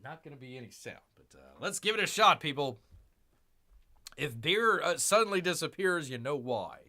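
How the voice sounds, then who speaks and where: Rambling male livestream host, bright voice. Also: fairly high pitch, animated, moderate pace. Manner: talks about himself in third person, rambling, many restarts. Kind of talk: casual live-stream chat.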